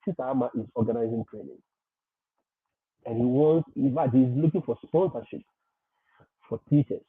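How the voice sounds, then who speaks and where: A man hosting a livestream, talking emphatically and circling back over his points with frequent laughs. His voice sounds a little husky, and the audio is thin and phone-like, in a dry room with no echo. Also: mid-range voice, moderate pace. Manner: emphatic, repetitive, laughs often. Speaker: livestream host. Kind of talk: livestream advice talk.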